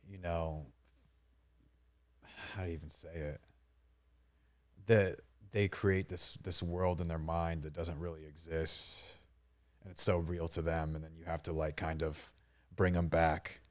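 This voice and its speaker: Deep-voiced man, blunt and profane. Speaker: podcast co-host. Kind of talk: casual chat.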